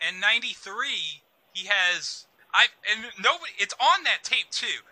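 Male co-host, very bright high voice, dry sound, rambling. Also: sing-song, measured pace, no room sound, poor audio. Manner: eager, rambling with fillers. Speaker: wrestling podcast co-host. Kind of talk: casual chat.

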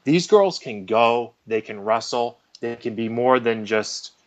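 A man's voice: medium pitch, lively intonation, measured pace. A man giving firm, emphatic opinions as a panelist on a casual podcast.

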